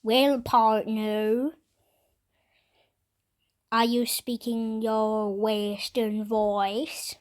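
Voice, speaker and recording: A woman's voice: a little high, little pitch movement, very slow, long pauses, a little mellow. A woman voicing a strict male western sheriff in a put-on Texas drawl, laying down the rules. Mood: stern. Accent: put-on Texas cowboy drawl.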